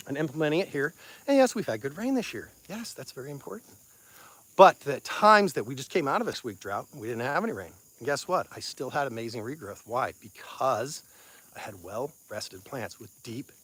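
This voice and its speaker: A plainspoken Missouri rancher with a fairly high voice chats with his viewers on a livestream. He talks in a folksy, easygoing way from out in his pasture. The sound is dry and close, caught on a phone on a selfie stick. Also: fairly bright tone, no room sound. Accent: Missouri Ozarks. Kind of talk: casual outdoor livestream talk. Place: outdoors on a pasture.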